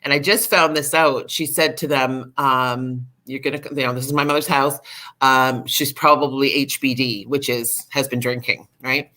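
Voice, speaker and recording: A middle-aged woman, a podcast guest, candidly telling a personal recovery story in an animated way, full of fillers. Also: very deep voice, moderate pace.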